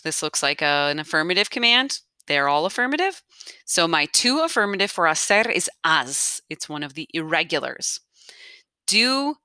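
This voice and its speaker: Woman, teacher, low voice, crisp and bright, patient step-by-step explaining. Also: no echo, studio quality. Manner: patient, explains aloud while writing on notes. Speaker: Spanish teacher. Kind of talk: step-by-step grammar lesson.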